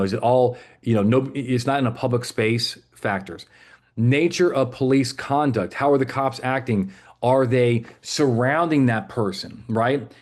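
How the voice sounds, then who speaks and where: A man's voice: medium pitch, a little mellow. A man teaching police law in a live webinar, conversational and joking, with many fillers and restarts. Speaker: legal trainer for police.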